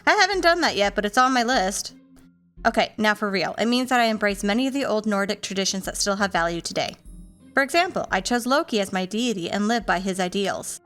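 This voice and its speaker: A woman's voice: mid-range voice, lively intonation, a little fast, a bit bright, soft background music, natural voice. A woman voicing a young female medical student who calls herself a modern-day Viking and speaks in a matter-of-fact, wry way. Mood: plain.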